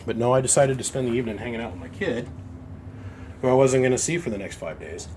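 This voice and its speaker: A man's voice: mid-range voice, quick pace, darkish tone, a little hiss or hum. A man running a repair shop, telling a casual story to camera in an aggrieved, blunt way. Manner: aggrieved, blunt, acts out both sides of phone calls. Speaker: amp repair shop owner.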